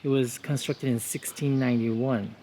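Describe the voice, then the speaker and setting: A man's voice: medium pitch, normal speed, a little hiss or hum. A man giving a casual, informative walking tour outdoors, with frequent fillers as he explains the sights. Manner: relaxed, informative, with frequent "uh" and "you know" fillers. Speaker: travel vlogger and walking tour guide. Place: outdoors on city streets.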